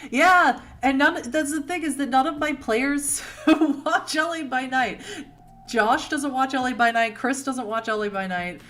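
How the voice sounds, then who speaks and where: A woman's voice: high-pitched, a little slow, a bit bright, a little hiss or hum. A woman from Boston with a Boston accent, hosting a casual livestream, chatting with viewers in a rambling way and laughing often. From Boston, United States. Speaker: streamer host answering chat.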